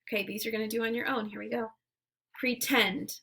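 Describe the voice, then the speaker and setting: A woman teacher leading a phonemic awareness lesson, saying words and sounds slowly and clearly, with short words of encouragement between drills. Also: fairly high pitch, steady tone, heavy background noise. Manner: slow, clearly enunciated drills.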